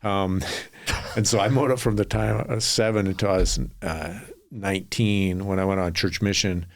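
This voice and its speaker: A man's voice: sits low, fairly even intonation, moderate pace. A middle-aged man from Utah, a podcast guest telling long rambling anecdotes and acting out the people in them. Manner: rambling anecdotal storyteller, acts out quotes. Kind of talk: storytelling in a podcast interview.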